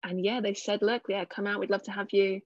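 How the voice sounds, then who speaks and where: A woman's voice: medium pitch, little pitch movement, fairly quick, no echo. Young English woman, interview guest, chatty and modest, dull dry sound. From England. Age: 20s. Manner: chatty, self-deprecating, many fillers. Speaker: cricketer guest. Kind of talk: casual interview answers.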